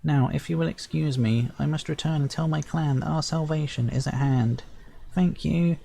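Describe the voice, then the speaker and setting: A man voicing a tiny, timid male sprite chief from a game, speaking in a shrill, formal and pleading way. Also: normal speed, vocal fry, dark tone, slightly rough. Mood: hopeful. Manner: formal, pleading old-fashioned speech. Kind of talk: reading game dialogue aloud.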